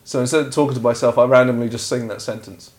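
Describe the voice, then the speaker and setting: A man's voice: medium pitch, fairly even intonation, fast. A man from Scotland with a posh-sounding voice, co-hosting a casual podcast chat in a wry, argumentative way. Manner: wry, argumentative, laughs often. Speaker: podcast co-host. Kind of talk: casual banter.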